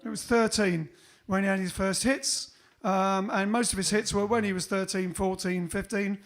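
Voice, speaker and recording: A man's voice: high-pitched, steady tone, normal speed. A man hosting a band livestream, chatting casually between songs with rambling, joking asides.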